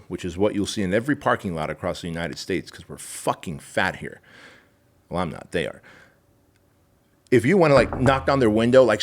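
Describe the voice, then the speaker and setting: A man with a lowish voice speaks as a podcast guest. His delivery is emphatic and preachy, with plenty of swearing as he drives each point home. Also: expressive, brisk. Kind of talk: casual interview chat.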